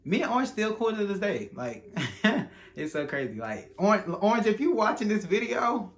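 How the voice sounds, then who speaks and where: A young man telling a casual, animated storytime, acting out quotes and using slang. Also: high-pitched, moderate pace.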